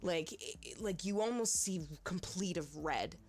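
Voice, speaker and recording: A woman's voice: on the low side, animated, unhurried. A woman narrating a tabletop horror game as game master, hesitant with many fillers.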